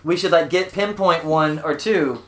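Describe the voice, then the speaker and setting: Texan man, podcast co-host, easygoing slangy chat, voice a touch high. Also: normal speed. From Texas. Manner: laid-back, says dude and man a lot. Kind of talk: casual chat.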